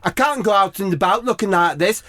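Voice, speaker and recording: A man's voice: high-pitched, a little fast, bright, forceful tone, dry recording, clean studio sound, voice pushed up. A man voicing a smug, easily upset young footballer who talks in a prim, sing-song way. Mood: prissy huffy.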